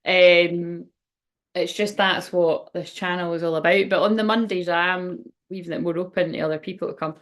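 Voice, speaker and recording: A woman's voice: on the low side, fairly even intonation, moderate pace. A woman reading oracle cards on a casual livestream, chatty and rambling, often exclaiming and laughing at herself. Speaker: tarot and oracle card reader hosting a livestream.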